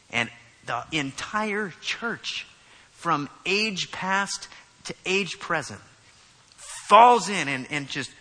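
A man preaching to his congregation in a very bright, husky voice. He shifts between easy conversational talk and emphatic, drawn-out declarations. His voice rings with a long hall reverb. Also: mid-range voice. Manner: conversational, rising to emphatic bursts with many restarts. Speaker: pastor. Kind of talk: expository sermon.

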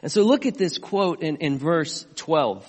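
Male pastor, sermon delivery, fairly high voice, deliberate pace, church reverb. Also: expressive, breathy edge. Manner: asks the congregation questions, builds to impassioned emphasis.

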